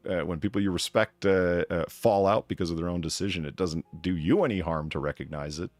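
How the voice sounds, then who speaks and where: A man's voice: deep voice, a little fast, no echo, faint music behind. A man hosting a podcast in casual, rambling chat, swearing freely and gushing about what impresses him. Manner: rambling, profane, enthusiastic. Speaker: podcast host.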